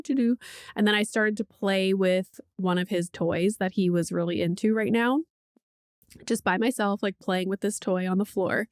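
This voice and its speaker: A woman's voice: mid-range voice, smooth, dry recording, studio quality. A woman hosting a podcast in casual chat, telling a parenting story candidly, swearing freely and saying "like" often. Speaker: podcast host; mother of a young child.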